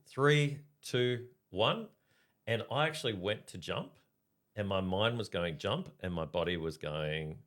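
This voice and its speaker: A middle-aged man, co-hosting a podcast and telling stories in casual chat. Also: on the low side. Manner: storytelling, animated, checks in with listeners. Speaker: podcast co-host.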